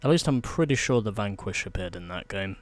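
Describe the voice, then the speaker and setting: A man's voice: lowish voice, lively intonation, a little fast, a little hiss or hum. A man talking through his video game playthrough in a chatty, explaining way. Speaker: let's play host. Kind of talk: gameplay commentary.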